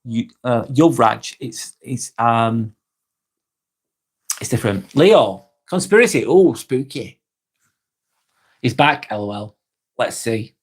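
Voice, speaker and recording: Relaxed British man chatting on a live stream. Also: mid-range voice, slightly rough. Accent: British English. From England. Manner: relaxed and chatty, with frequent ums and quick laughs. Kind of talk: casual live-stream chat, reading comments aloud.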